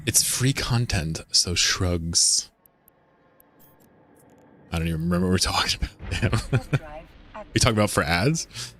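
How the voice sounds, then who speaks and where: A man's voice: low voice, animated, unhurried, pauses often, fairly bright tone, a little hiss or hum. A man live-streaming a game, chatting casually and joking with viewers, swearing now and then.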